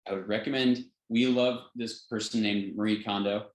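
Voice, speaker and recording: A man's voice: fairly low pitch, fairly even intonation, normal speed. A man teaching a health class in an informal way, earnest, often chuckling and restarting his sentences with fillers. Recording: roomy echo.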